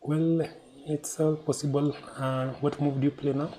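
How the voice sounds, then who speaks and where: A man's voice: on the high side, flat delivery, normal speed, mellow, slight background noise, rough recording. A man coaching his daughter at chess at home, firm and patient, guiding her with questions. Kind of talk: casual coaching during a livestream.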